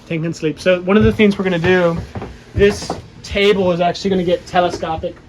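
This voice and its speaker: A man in his twenties, eager and excitable, showing guests around his sailboat in casual chat. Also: high voice, a little hiss or hum. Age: 20s. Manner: eager, excitable, quick restarts. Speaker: guest giving a boat tour. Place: aboard a sailboat. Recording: busy background chatter.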